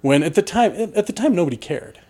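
A man's voice: on the high side, big pitch swings, quick pace, a little mellow. Casual man chatting about films. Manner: playful, emphatic, hesitant restarts. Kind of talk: casual movie chat.

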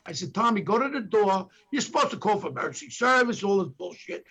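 Gravelly older New York storyteller. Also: male voice, high-pitched, expressive, fast talker, fairly bright tone. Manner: acts out quotes from others with emphatic bursts. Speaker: former police detective telling stories as a podcast guest. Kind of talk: animated storytelling.

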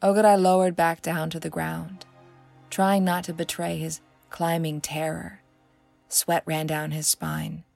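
Casting: low-voiced woman narrator, measured and expressive, gravelly texture, soft music behind. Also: no room sound. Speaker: author and narrator. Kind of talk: storybook narration.

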